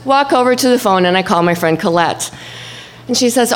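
A woman telling a personal story at a live event, acting out her own shouts and the voices of the people in it. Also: medium pitch, slow, long pauses, slight background noise. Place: stage before an audience.

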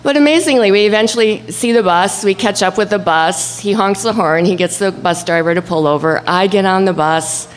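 A woman telling a true story live on stage. She is animated and acts out voices and shouts, swinging from low murmurs up to high cries. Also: a little fast, hardly any pauses. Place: stage before an audience.

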